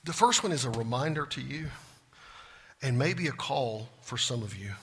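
A man's voice: mid-range voice, expressive, moderate pace, fairly bright tone, breathy edge. A man preaching a sermon as a pastor, talking to the congregation in a conversational way full of questions. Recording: long reverb in a large hall.

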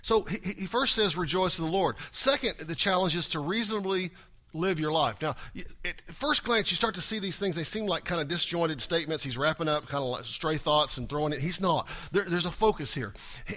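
A man preaching a sermon, asking rhetorical questions and swinging between hushed lows and loud emphatic peaks. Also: a little fast. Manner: frequent restarts and stumbles while explaining. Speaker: pastor.

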